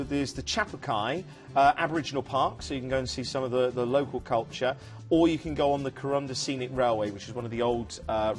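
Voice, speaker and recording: A man presenting a TV cruise sales show, chatting enthusiastically and rambling with fillers. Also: medium pitch. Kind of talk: casual studio sales chat. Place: TV studio.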